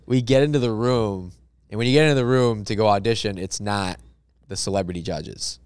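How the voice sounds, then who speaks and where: A man on a podcast telling a story in a casual, lively way, acting out each person in it. His voice is smooth and low-pitched. The sound is dry and close to the mic. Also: a little fast, dry recording. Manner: animated, acts out characters in his story. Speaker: comedian guest.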